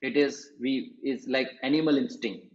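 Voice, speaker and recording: A man's voice: mid-range voice, fairly even intonation. Guy explaining chanting step by step, kinda muffled and echoey. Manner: slow, patient explaining with repetitions. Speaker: meditation teacher. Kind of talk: spoken lesson on chanting. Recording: dull, roomy sound.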